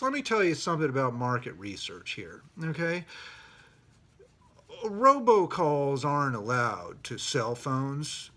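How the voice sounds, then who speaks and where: A middle-aged man telling a personal story, indignant and animated, with outraged quoted exclamations. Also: mid-range voice.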